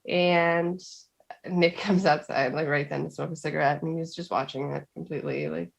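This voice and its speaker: A woman's voice: low voice, normal speed, creaky, husky. A woman co-hosting a podcast, chatting casually as she recaps a TV episode and acts out the characters' lines. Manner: animated retelling, acts out characters' lines with laughs. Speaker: podcast co-host.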